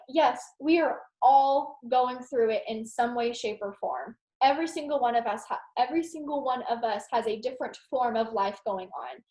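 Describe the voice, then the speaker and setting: A young woman giving a casual, rambling motivational talk to her team on a video call, animated and full of "like". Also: a little high. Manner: animated, rambling, heavy use of "like". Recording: roomy echo.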